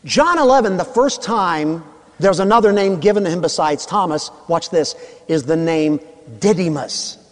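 A man preaching a sermon in a church, playful and animated, calling on the congregation to answer back. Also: sits high, moderate pace. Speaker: pastor. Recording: long reverb of a large hall.

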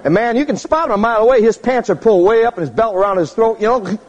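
A man preaching a humorous sermon, telling stories in an animated way and jumping to squeaky high tones for effect. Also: fast talker, long reverb tail, muffled recording.

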